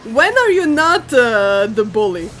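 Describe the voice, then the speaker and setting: A woman's voice: a little high, big pitch swings, a little slow, fairly bright tone, soft background music. A woman streaming a video game, chatting casually and teasing her chat with frequent giggles.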